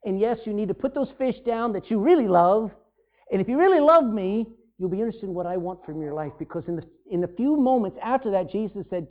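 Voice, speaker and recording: A man's voice: sits high, animated, fairly quick. A man preaching a sermon in a conversational way, acting out scenes in different voices. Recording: tinny phone-like sound.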